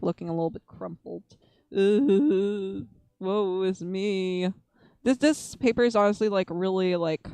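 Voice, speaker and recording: A woman's voice: medium pitch, darkish tone, smooth, no echo. Giggly rambling woman streamer. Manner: giggly, rambling, laughs often. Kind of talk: casual storytime chat.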